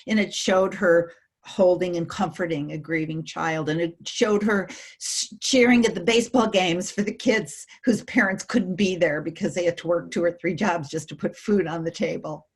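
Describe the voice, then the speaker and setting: A middle-aged woman with a slightly low voice tells a heartfelt story as an interview guest. She gets animated and emotional and acts out the voices of the people in her story. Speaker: guest speaker.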